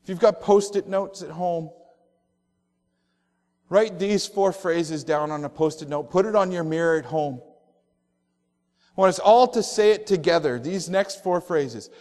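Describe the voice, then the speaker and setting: Man, pastor, high voice, storytelling sermon, long hall echo. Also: darkish tone. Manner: storytelling preacher, drawn-out emphatic phrases.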